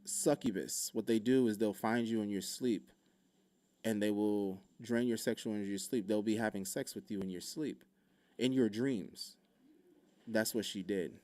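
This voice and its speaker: A man's voice: on the low side, normal speed, darkish tone. A man hosting a podcast, telling a story in loose, profane casual talk full of fillers. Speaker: podcast host.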